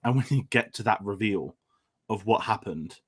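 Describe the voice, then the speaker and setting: A man's voice: fairly low pitch, expressive, moderate pace, breathy edge. A man with an English accent, hosting a casual film discussion and rambling through his points with many restarts. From England. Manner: rambling, with frequent restarts and fillers.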